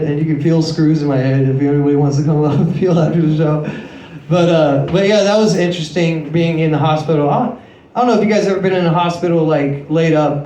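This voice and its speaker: Late-20s male stand-up comic, slightly high voice, crude self-deprecating delivery, roomy club sound. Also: mellow. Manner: crude, self-mocking storytelling with frequent swearing. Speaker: stand-up comedian. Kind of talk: stand-up comedy set. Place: comedy club stage. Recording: echoey club room.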